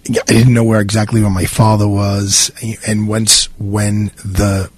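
A middle-aged man with a New York accent, hosting a radio show in a rambling, halting way, his voice raspy. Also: on the low side, completely flat delivery. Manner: rambling, halting, many fillers and restarts. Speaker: radio host. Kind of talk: casual radio monologue. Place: radio studio.

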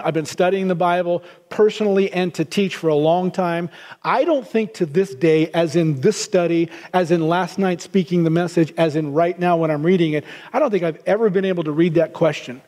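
Middle-aged male pastor, high and mellow, earnest sermon delivery with restarts; long hall reverb. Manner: earnest, repeats words while restarting.

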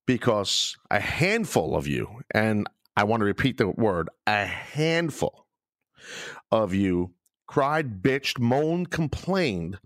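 A man's voice: lowish voice, sing-song, takes it slowly, no room sound, studio quality. A man hosting his own podcast alone, ranting sarcastically and swearing often, with no music under his voice. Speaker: podcast host. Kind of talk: solo podcast rant. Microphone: studio microphone, no music bed.

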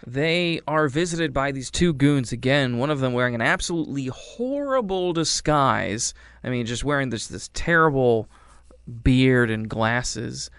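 A man's voice: medium pitch, lively intonation, measured pace, a bit bright, smooth, no room sound, clean studio sound. A man casually retelling a movie's plot, rambling and wry, acting out lines in silly voices. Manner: rambling, wry, acts out quotes. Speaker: movie reviewer. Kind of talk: casual chat.

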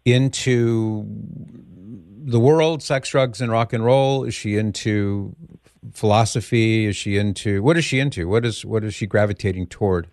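Low-voiced male radio host, dry studio sound. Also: unhurried, darkish tone, no room sound. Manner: probing, earnest, patient. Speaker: radio talk show host. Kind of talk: call-in radio advice.

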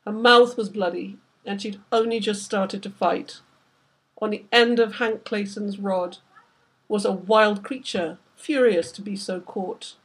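A woman reads aloud from her own novel in a steady, measured way. Her voice is husky and mid-pitched. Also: poor audio. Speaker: author reading her novel. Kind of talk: book reading.

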